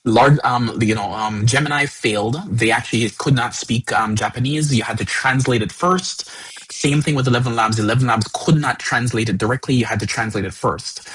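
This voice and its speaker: A man hosting a live tech stream, talking casually and stammering with repeated words when excited. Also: medium pitch, slightly rough, low-quality recording. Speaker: host.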